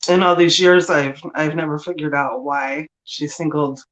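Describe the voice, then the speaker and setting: A woman host sharing her own memories in a slow, measured way. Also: low voice, steady tone, rough recording. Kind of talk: personal storytelling.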